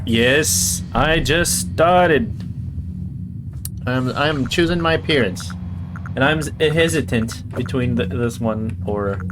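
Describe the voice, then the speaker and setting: A man's voice: mid-range voice, noisy background. A man giving casual let's-play commentary, full of profane, joking, playful asides. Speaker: gaming streamer.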